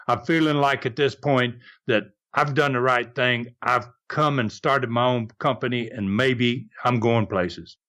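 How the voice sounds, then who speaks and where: An older man, hosting a podcast and telling stories, acting out the quotes with energy. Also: mid-range voice. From American South. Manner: animated, acts out shouted quotes. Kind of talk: storytelling chat.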